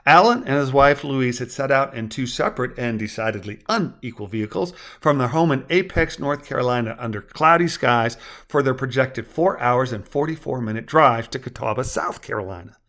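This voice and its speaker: A man narrating his own story aloud with measured, wordy storytelling. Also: medium pitch, expressive, fairly bright tone. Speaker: author and narrator.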